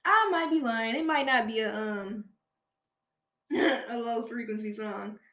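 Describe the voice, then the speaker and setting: A woman's voice: on the high side, unhurried, a bit bright. Chatty woman host in an echoey room. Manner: rambling, self-correcting, swears casually. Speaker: podcast host. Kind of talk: casual solo chat.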